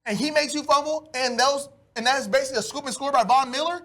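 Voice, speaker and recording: A man hosting a solo sports podcast, ranting animatedly with loud outbursts. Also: extremely high pitch, lively intonation, fairly quick, few pauses.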